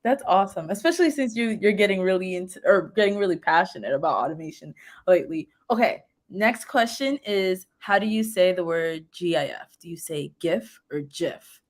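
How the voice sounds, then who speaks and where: A woman hosts a relaxed livestream interview, asking questions in a bubbly, enthusiastic way. She laughs often and keeps the conversation light and upbeat. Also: lowish voice, fairly quick. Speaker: livestream host. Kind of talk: casual interview chat.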